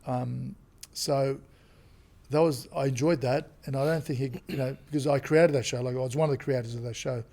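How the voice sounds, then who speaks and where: An Australian man, a comedian and actor, chatting as a podcast guest and telling animated stories. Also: medium pitch, a little fast. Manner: animated storyteller who acts out quotes. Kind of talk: casual interview chat.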